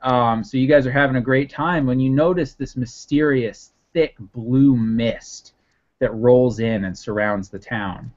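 Rambling male game master, lo-fi. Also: mid-range voice. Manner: rambling, many fillers and restarts. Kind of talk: narrating a tabletop game. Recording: dull lo-fi recording.

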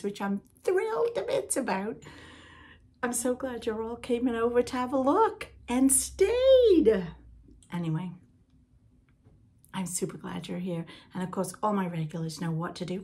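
Older british-born lady rambling chattily on her podcast, breathy voice, middling pitch. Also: very animated, normal speed. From Britain. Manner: chatty and rambling, with asides to the listener. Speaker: podcast host. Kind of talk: casual chat.

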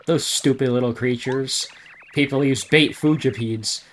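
A man on a live stream reading garbled game dialogue aloud in a deadpan comic voice, often breaking into laughter. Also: mid-range voice, a little slow, a little hiss or hum.

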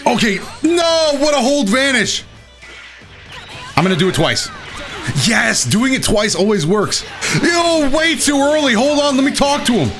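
A young man giving excitable live commentary on his own fighting game matches, talking to himself and laughing at his own mistakes. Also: extremely high pitch, unhurried, faint music behind. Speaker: gaming commentator.

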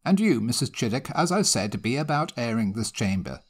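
A man's voice: mid-range voice, very animated, moderate pace. A man voicing an impatient, commanding country squire who speaks brusquely.

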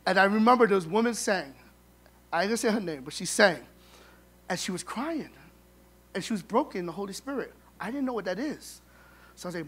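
A middle-aged man telling funny, animated stories at a memorial service, acting out the dialogue. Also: high voice, quick pace. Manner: humorous, animated, acts out dialogue. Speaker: son giving a eulogy. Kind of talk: storytelling eulogy at a memorial service.

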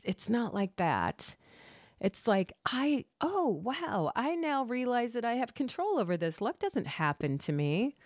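Expressive woman tarot podcaster, mid pitch, close dry mic, laughs easily. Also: no echo. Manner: animated and expressive, laughs often. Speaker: podcast host and tarot reader. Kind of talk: casual solo podcast chat with a tarot reading.

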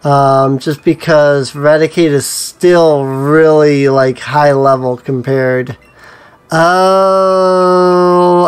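A man talks his way through a video game in an easy, casual commentary, thinking aloud and filling pauses with ums. His voice sits a touch high for a man and he takes his time. Faint game music plays underneath. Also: fairly even intonation, smooth. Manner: musing to himself with frequent ums. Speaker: let's play host.

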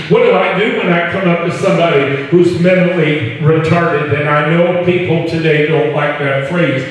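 A male pastor preaching in a folksy, conversational way, with frequent asides to the congregation. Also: fairly high pitch. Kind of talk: sermon. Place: church hall. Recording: echoey hall, distant mic.

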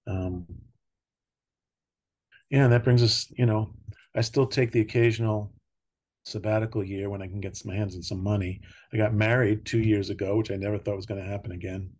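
An older man with a low voice chats easily as a podcast guest. He tells personal stories with frequent laughter and drifting pauses. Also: fairly even intonation. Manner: warm storytelling, laughing often, trailing pauses. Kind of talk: casual conversation.

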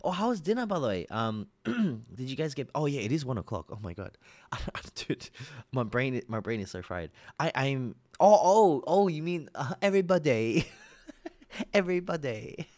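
An Australian man reacts live on his stream, chatty and quick to get excited. His pitch jumps all over the place, and the sound is close and dry with no room around it. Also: no room sound.

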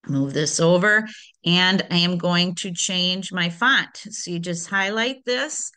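A woman hosting a craft tutorial, talking through each step on screen in a relaxed way and correcting her small slips as she goes. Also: on the low side. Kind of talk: screen-recorded software tutorial.

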